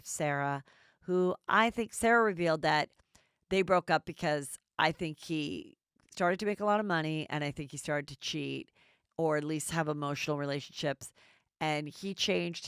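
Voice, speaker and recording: A woman's voice: sits low, clear, resonant tone, no echo, clean studio sound. A woman hosting a gossip podcast, chatting bluntly and casually and swearing freely. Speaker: podcast host.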